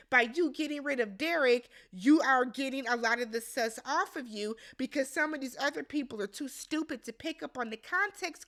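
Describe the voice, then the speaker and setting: Sassy high-voiced woman recapping reality TV. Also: fairly bright tone. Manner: blunt, sassy, swearing freely; acts out quotes with big pitch jumps. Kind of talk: casual recap commentary.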